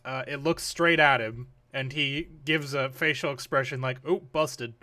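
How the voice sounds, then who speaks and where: Man, game master narration, bright voice, rambling, lots of uh's. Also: medium pitch, steady tone, normal speed. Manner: rambling, many fillers, voices characters.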